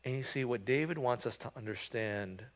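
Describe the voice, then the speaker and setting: A male pastor delivering a sermon at a middle pitch. He talks earnestly, circles back on his phrases, and swells into forceful, emphatic passages as he drives his point home. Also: moderate pace. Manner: earnest preaching with rising, emphatic bursts and frequent restarts.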